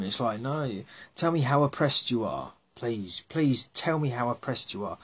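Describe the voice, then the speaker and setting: Husky man ranting bluntly. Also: mid-range voice. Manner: blunt, scornful and sarcastic, with swearing. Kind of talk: casual opinion rant.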